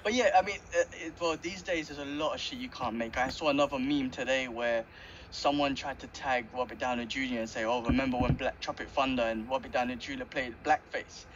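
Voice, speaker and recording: Fairly quick and fairly bright in tone, a mid-range male voice co-hosts a casual podcast, chatting with animation about cartoons and laughing often. The audio is a bit dull, with faint background noise.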